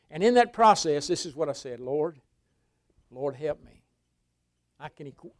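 A man preaching a sermon, telling a personal story in a folksy way that swings from hushed to loud. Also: fairly high pitch, dry recording. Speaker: pastor. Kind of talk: sermon testimony.

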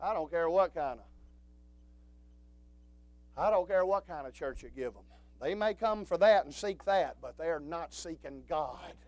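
A man preaching a sermon, swinging from quiet low talk to shouted, drawn-out preaching. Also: lively intonation, no echo.

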